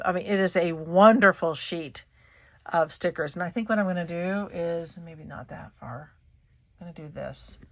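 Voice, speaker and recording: A middle-aged woman, chatting casually as she shows scrapbook paper, gushing and trailing off mid-sentence. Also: fairly low pitch. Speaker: scrapbooking channel host. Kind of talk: casual show-and-tell chat.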